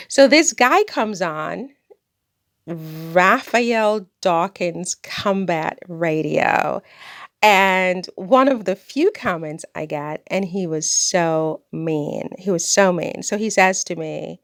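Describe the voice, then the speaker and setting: Chatty rambling woman with gravelly fry. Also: medium pitch, dry recording, studio quality. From Caribbean. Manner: rambling, chatty, bursts of laughter. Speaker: YouTuber. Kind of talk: casual vlog monologue.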